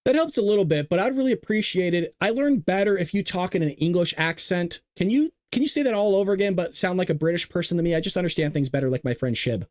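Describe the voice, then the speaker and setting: A man hosting a live commentary stream, his voice set a touch high. He talks in an emphatic, opinionated rush, circling back and repeating his points. The sound is close and dry, with no room around it. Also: lively intonation, fast talker, hardly any pauses, a little mellow, no echo. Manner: emphatic, repetitive ranting with restarts. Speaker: host of a live news commentary show.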